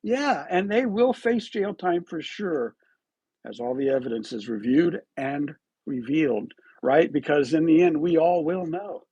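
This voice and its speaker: A man's voice: on the high side, a little slow, dark tone, slightly rough, no echo, dull audio. A man hosting a live online commentary show, talking on his own in a rhetorical, accusatory way and often tagging his points with "right?".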